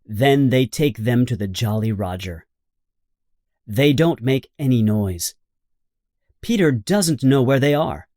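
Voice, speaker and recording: A man reading a children's storybook aloud in a slow, simple, expressive narration. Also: mid-range voice, dry recording, clean studio sound. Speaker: audiobook narrator.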